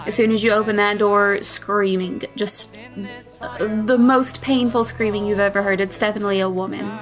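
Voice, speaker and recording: Woman game master, casual narration of a tabletop game, mid-pitched voice, faint music underneath. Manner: relaxed narration with fillers and laughs.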